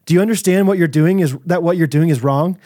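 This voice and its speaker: Laughing, animated male storyteller. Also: fairly high pitch, quick pace, dry recording, clean studio sound. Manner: animated storyteller, laughs often, acts out quotes. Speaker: podcast co-host. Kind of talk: casual chat.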